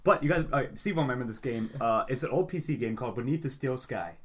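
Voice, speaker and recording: A man co-hosting a casual podcast, rambling quickly with lots of fillers and acting out quotes. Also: medium pitch, slight background noise. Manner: fast, rambling, acts out quotes in animated voices. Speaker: podcast co-host. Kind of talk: casual chat.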